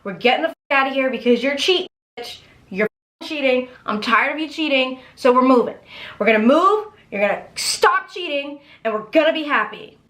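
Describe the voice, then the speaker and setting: A woman's voice: high-pitched, expressive, brisk, a bit bright, voice pushed up. A woman voicing a jealous, insecure husband who swears in crude exasperation. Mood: exasperated.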